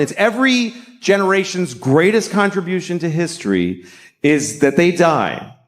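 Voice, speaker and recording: A middle-aged man performs a stand-up set on a stage mic before a live audience, his pitch lively. His delivery is deadpan and crude, building from dry profanity into shouted rants.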